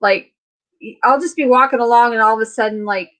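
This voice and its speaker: A middle-aged woman hosting a casual live chat, chatty and quick to laugh as she retells what people said to her. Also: a little high, fairly bright tone, low-quality recording. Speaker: host.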